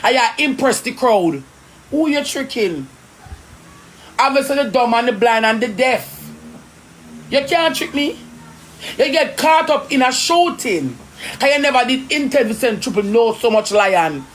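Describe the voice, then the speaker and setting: A woman with a Jamaican accent, ranting indignantly in rapid patois on a live stream. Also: fairly high pitch, lively intonation, a little hiss or hum. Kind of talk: heated live-stream rant.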